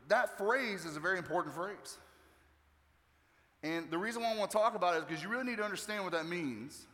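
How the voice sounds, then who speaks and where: A male pastor preaching a sermon in a relaxed, joking way, acting out the people in the story. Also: on the high side. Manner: conversational and joking, acting out quotes. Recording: long hall reverb.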